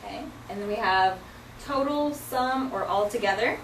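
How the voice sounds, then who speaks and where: A woman's voice: mid-range voice, moderate pace, a bit bright, slight background noise. A woman teaching a sign language vocabulary lesson in a classroom, explaining each sign patiently, step by step, with many fillers. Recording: echoey classroom from far off.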